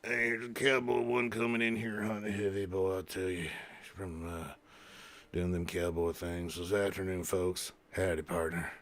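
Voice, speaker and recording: A man's voice: low-pitched, little pitch movement, unhurried, fairly bright tone, voice pushed down. A man doing a drawling folksy cowboy.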